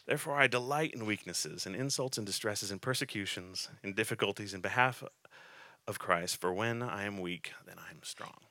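A man in his thirties preaching a sermon in a conversational, halting way, with restarts and touches of humor. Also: lowish voice, bright, forceful tone.

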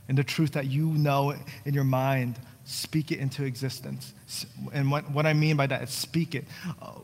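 A young male pastor from New Jersey preaches in a relaxed, conversational way, breaking into light jokes before turning earnest and pleading. His mid-pitched voice rings out with a long reverb tail from a church hall. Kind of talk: sermon. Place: church sanctuary.

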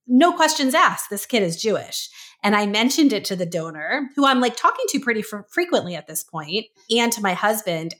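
A woman guest on an interview podcast, telling a personal story in a casual way and acting out the voices of the people she quotes. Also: mid-range voice. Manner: lively storyteller who acts out quoted voices.

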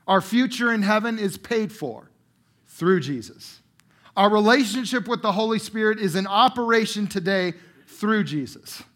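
A middle-aged pastor with a high, light voice preaches to his congregation in a church room. He punches key words loudly, then drops to near-hushed, slow phrases. His delivery is emphatic and conversational by turns. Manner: emphatic preacher, strong swings from loud bursts to quiet drawn-out phrases. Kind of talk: sermon.

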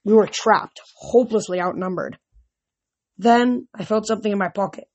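A woman with a voice of middling pitch reads a novel aloud. She stumbles over words now and then and starts over. She raises her voice when characters shout. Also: moderate pace. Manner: reads aloud with frequent slips and restarts. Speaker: reader. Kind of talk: amateur audiobook reading.

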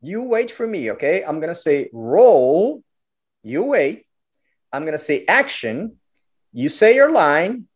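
A bossy film director barks clipped, coaxing orders in a raised, lively voice, as a man puts him on. He rattles off each cue in quick bursts. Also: a little high, breathy edge, full character voice. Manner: brisk, coaxing, clipped commands.

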